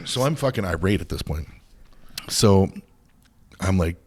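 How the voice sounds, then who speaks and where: Deep raspy-voiced guy on a podcast, swearing nonstop through a rambling rant. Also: very animated, slow pace. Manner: profane, heated, swears constantly; rambling with frequent restarts. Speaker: podcast host. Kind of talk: casual storytelling rant.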